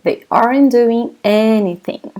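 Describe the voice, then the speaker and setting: A Brazilian woman with a Brazilian Portuguese accent leads a live online language lesson. She talks at an unhurried pace with a slightly high voice. She praises her students and laughs easily as she reads out their comments. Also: dark tone. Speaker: language teacher.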